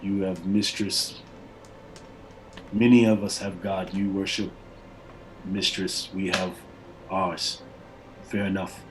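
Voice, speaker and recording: A gruff barbarian warrior with a low, heavy voice, as a man puts him on for a tabletop game. He talks slowly in halting, broken phrases, dropping words as he goes. A faint hum of ambience sits behind him. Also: little pitch movement.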